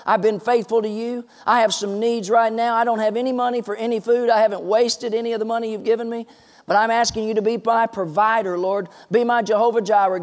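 A man voicing a poor, devout elderly widow who exclaims her praise loudly. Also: medium pitch, natural voice. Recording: long reverb in a large hall.

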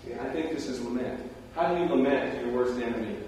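A man delivers a sermon in a loose, conversational storytelling manner, tossing in animated asides. His voice rings through a large, echoing hall with a long tail of reverb. The mic sits well back from him. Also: medium pitch, a little fast, a little hiss or hum. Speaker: preacher. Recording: roomy hall, distant mic.

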